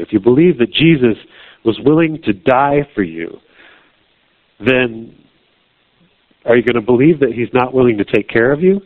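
A man preaches in an everyday conversational tone at a middle pitch, pressing his listeners with blunt questions. The sound is thin and narrow, like a phone line. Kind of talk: sermon.

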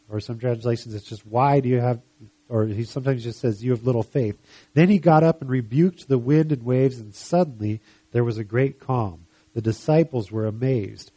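A man's voice: mid-range voice, normal speed, mellow, no room sound. A man preaching a sermon, reading scripture passages aloud and then asking the listeners searching questions. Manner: reads scripture aloud with rising emphasis, then asks reflective questions.

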